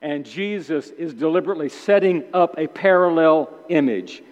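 A man preaching in a lively, swooping voice that sits a little high for a man. He acts out the characters' grumbles with sudden emphatic bursts. His words ring out with a long reverb in a church hall, and the recording sounds somewhat dull. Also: moderate pace. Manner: animated, voices the characters' complaints with emphatic outbursts. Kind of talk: sermon.

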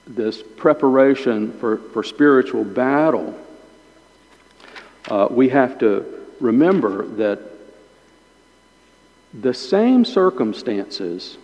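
A man's voice: medium pitch, lively intonation, takes it slowly, pauses often, a little mellow. A man teaching a Bible lesson to a small group, thinking aloud and often repeating his words. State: chewing gum in his mouth. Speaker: pastor leading a Bible class. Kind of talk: informal teaching sermon. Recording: dull lo-fi sound with long hall reverb.

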